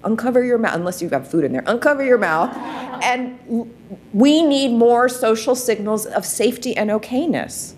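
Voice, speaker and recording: A woman's voice: on the high side, expressive, normal speed, a little mellow. A woman presenting a wellness workshop, coaching listeners through practices with frequent rhetorical questions. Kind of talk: guided practice talk.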